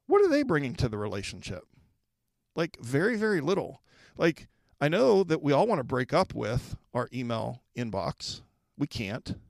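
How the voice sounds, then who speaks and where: A man's voice: medium pitch, vocal fry, no echo. A man hosting a solo podcast for school leaders, talking conversationally and putting direct questions to the listener.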